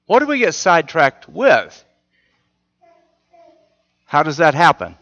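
A man's voice: a little high, very animated, slow pace, creaky, a bit bright. A man preaching a sermon in a conversational way, often asking his listeners rhetorical questions. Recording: muffled audio with long hall reverb.

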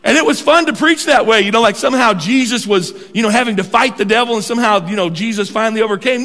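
Older man, pastor; high-pitched, animated preacher who stretches his words, heard in a reverberant sanctuary. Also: fast talker, few pauses. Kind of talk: sermon. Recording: long hall reverb.

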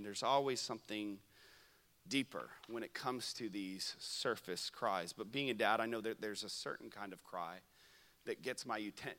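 A young man preaching a sermon at a camp, telling stories that swing from loud to hushed. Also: fairly low pitch, big-room sound. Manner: storytelling, shifts from loud to hushed. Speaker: pastor. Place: camp meeting room.

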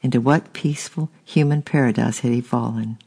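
A man's voice: mid-range voice, a little fast, creaky, dark tone, husky. A man narrating a storybook steadily and unhurriedly, with small restarts. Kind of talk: audiobook narration.

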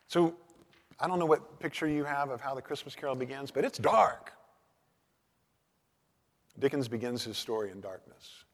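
A man giving a conversational sermon, often restarting his words and dropping low and soft to stress a point. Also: long reverb tail. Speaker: pastor.

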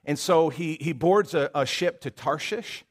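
A man with a Southern American accent and a somewhat high voice preaches in a relaxed, conversational way. He retells a story with plenty of fillers and asides, often pausing to ask his listeners a question. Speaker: pastor. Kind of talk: sermon.

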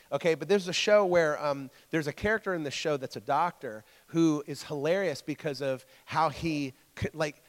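Guy preaching a laid-back sermon, kinda high voice, stumbles and repeats himself, keeps asking the room stuff. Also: in a large hall. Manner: conversational, stumbles and repeats words, checks in with listeners. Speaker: preacher teaching a church group. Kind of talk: casual interactive sermon.

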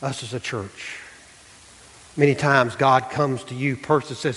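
A man's voice: mid-range voice, normal speed, pauses often, big-room sound. A male pastor, preaching a sermon with rising, emphatic delivery. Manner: animated preaching, voice rising to near shouts. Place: church sanctuary.

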